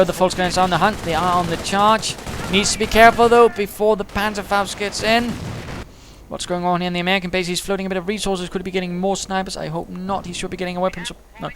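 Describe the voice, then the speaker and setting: Over some background noise, a man with a high voice commentates on a strategy game. His play-by-play is brisk and conversational, with a dry wit and British phrasing.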